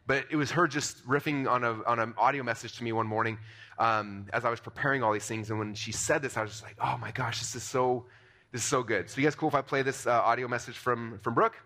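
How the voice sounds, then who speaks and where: A man delivers a motivational seminar talk at a brisk, rapid clip. His voice is bright and forceful, and he speaks in a loose, energetic way, full of fillers and quick restarts. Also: mid-range voice.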